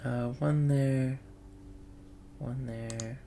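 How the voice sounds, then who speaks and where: A man's voice: mid-range voice, steady tone, extremely slow, creaky, warm tone, a little hiss or hum. A man thinking aloud in wry self-talk while commentating a puzzle game. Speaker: let's play gamer.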